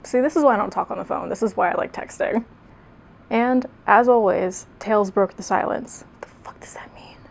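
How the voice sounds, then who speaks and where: Sarcastic young woman with a gravelly voice. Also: mid-range voice, moderate pace. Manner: sarcastic, self-mocking, laughs at herself. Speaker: video creator. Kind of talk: comedic reading of her old fanfic.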